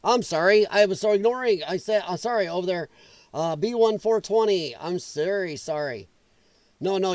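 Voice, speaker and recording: High-voiced sarcastic livestream host. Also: male voice, no echo. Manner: heated, sarcastic rant with mocking put-on voices; chats with live viewers while reading chat. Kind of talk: political commentary livestream.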